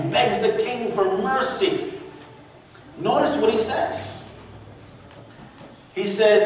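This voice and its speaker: A high-pitched man preaches a lively sermon, telling the story in an animated way and calling on the congregation to answer him. His voice rings through a big echoey church hall, and the mic sits some way off. A faint room murmur hums underneath. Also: far from the mic, slight background noise. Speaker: pastor. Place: church sanctuary.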